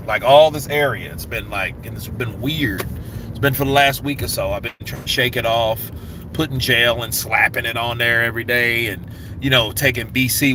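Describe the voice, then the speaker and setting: Bright-voiced man chatting on a live stream. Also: mid-range voice, slight background noise. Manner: loose, rambling, greets chat viewers by name. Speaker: boxing channel host. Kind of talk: casual live-stream chat.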